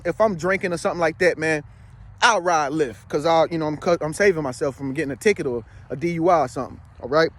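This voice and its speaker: A spiritual vlogger with a high-pitched, slightly bright voice rambles casually to his viewers. He's emphatic, slangy and streetwise, and he keeps checking in with whoever's listening.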